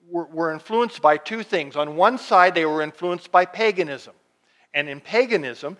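A man preaching a sermon as pastor, reading scripture slowly and swinging from loud emphatic lines to hushed ones. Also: on the high side.

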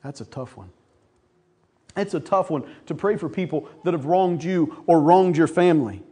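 A man's voice: a little high, moderate pace, mellow, husky. A man preaching a sermon to his church, folksy, calling the congregation folks and asking for amens. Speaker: pastor.

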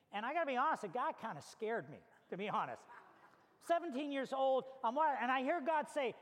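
Man, pastor, very high voice, animated conversational sermon, long hall reverb. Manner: animated, conversational, with casual fillers. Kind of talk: storytelling sermon.

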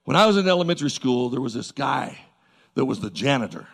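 A man preaching a sermon to a congregation in a church service, folksy and animated, with emphatic repeats and asides to the crowd. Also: mid-range voice, quick pace, creaky, slightly rough.

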